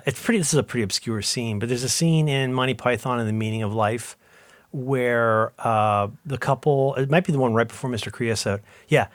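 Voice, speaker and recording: A man in easygoing podcast conversation, telling stories in a lively way and slipping in quick asides. His voice sits at an ordinary middle pitch. The sound is close and dry, with no room around it. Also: no room sound. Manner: animated storyteller, quick asides. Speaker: podcast co-host. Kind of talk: casual chat.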